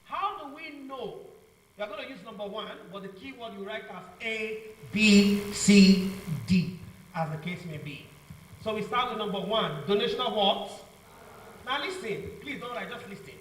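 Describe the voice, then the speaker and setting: In a revision lecture, a male law teacher uses a high, animated voice at a moderate pace, leaving gaps marked by "what?" for the class to call back. Recorded in an echoey room with a far-off mic, it carries faint ambience and slight background noise.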